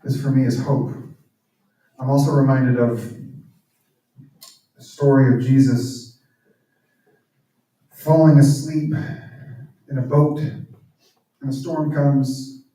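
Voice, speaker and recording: A mellow, medium-pitched man delivers a reflective guest talk at church, slow and fairly even, with frequent pauses. He stays earnest, dipping to near-whispers when emotional, heard from a distance in a strongly echoing hall.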